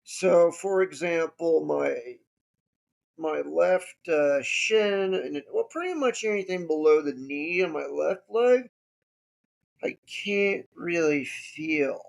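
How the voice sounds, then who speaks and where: A man hosting his own podcast, telling a story in a casual, drawn-out, wry way. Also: a little high, expressive, gravelly. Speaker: podcast host.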